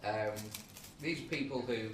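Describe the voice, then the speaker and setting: A man's voice: medium pitch, unhurried, distant mic. A man co-hosting a podcast, telling things in a hesitant way with many fillers. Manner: hesitant, filler-heavy storytelling. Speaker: podcast co-host. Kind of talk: casual chat. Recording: echoey room, off mic, faint noise.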